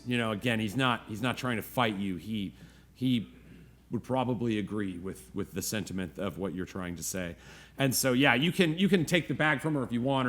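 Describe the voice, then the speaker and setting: A man with a lowish voice narrates a tabletop game as its game master. He talks in loose, rambling bursts full of fillers and restarts. Soft music plays faintly behind him. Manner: rambling, full of fillers, jumps into high squeaky voices for children.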